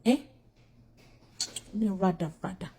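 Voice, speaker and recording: A woman's voice: medium pitch, takes it slowly, very noisy. A woman scolding the camera, repeating her warnings over and over. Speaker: reaction video maker.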